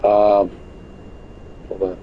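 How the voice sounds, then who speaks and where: A man's voice: lowish voice, monotone, extremely slow, lo-fi sound, slight background noise. A man giving casual, joking live commentary on a flight game from his bedroom, full of exaggerated mock complaints. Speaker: game streamer. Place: bedroom at home.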